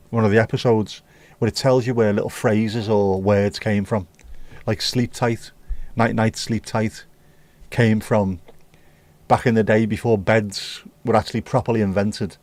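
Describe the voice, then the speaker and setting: A British man with a fairly low, darkish voice and no echo hosts a casual livestream. He reads viewer comments aloud and chats about them with opinionated, mildly profane riffs.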